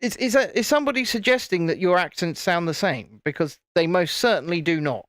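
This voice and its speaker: A man's voice: high-pitched, a little fast, fairly bright tone, no echo, clean studio sound. A British man hosting a live stream, chatting casually in a rambling way and often restarting his sentences. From United Kingdom. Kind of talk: casual live-stream chat while building.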